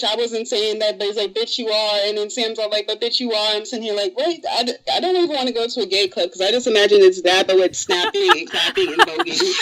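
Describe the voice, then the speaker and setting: A podcast co-host spinning a story in an animated, foul-mouthed way, with a voice of middling pitch. The talk is casual, with quick bits of mimicry of other people. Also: rough recording. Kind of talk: casual chat.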